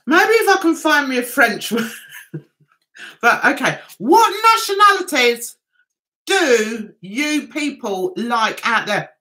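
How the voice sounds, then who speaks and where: Livestream host, middle-aged woman, Mancunian accent, bright and bubbly tone, reads chat comments between giggles. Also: fairly high pitch, sing-song, slow pace. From Manchester, England. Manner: chatty, giggly, reads viewer comments aloud.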